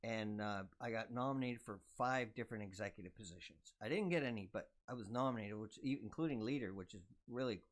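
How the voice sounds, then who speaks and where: An older man talking casually. He speaks softly and humbly, agreeing easily as he reflects aloud. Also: fairly low pitch, a little fast, few pauses. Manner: soft-spoken, humble, agreeable. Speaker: musician guest. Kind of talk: casual conversation.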